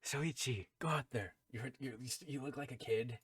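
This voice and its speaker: A man's voice: mid-range voice, moderate pace, fairly bright tone, breathy edge. Swearing male tabletop player. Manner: blunt, swears freely. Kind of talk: casual game chat.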